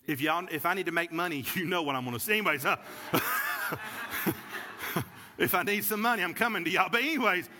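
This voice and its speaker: High, bright-voiced preacher in a hall. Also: male voice, a little fast, pauses often, slight background noise. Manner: storytelling, builds to preaching fervor. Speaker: pastor. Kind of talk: sermon. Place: church sanctuary.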